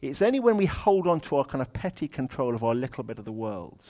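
Chatty preacher giving a sermon. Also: male voice, mid-range voice, quick pace. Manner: chatty, humorous, animated when reading aloud.

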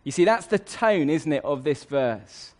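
Emphatic preacher. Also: male voice, a little high, animated, a little mellow. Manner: emphatic, slows down to stress key words. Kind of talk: sermon.

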